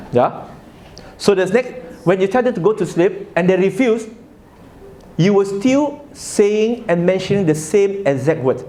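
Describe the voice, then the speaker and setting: A man's voice: sits high, expressive, takes it slowly, long pauses, warm tone, a little hiss or hum. A man giving a religious talk to a live audience, telling a story and asking listeners questions. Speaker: religious speaker.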